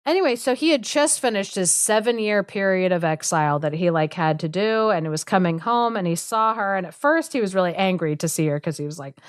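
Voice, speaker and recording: A woman's voice: lowish voice, expressive, fairly quick, few pauses, dry recording, studio quality. A woman podcast co-host casually retelling a fairy tale, full of "like" and sarcastic asides, acting out the characters' lines. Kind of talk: casual storytelling chat.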